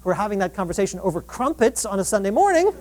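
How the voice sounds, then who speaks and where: A woman giving a lively public lecture on relationships. She acts out quoted dialogue and often restarts her sentences. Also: medium pitch, rapid-fire. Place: live event before an audience.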